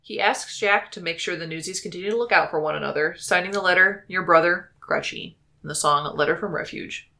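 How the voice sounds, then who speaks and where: A woman's voice: lowish voice, brisk, sharp tone. A woman co-hosting a casual podcast, recapping a stage musical's plot with lots of laughs and fillers. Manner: giggly, upbeat, lots of "like". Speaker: podcast co-host.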